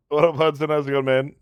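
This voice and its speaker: A man's voice: a little high, clean tone, no room sound. A man streaming live in a casual chatty way, joking and laughing often.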